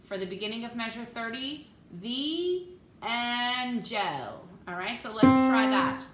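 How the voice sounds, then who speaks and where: Woman choir teacher coaching diction slowly. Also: on the high side, animated, echoey room, loud music behind the voice. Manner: counts in and sings phrases for the class to copy; patient step-by-step diction coaching. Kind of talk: vocal lesson with sung demonstrations.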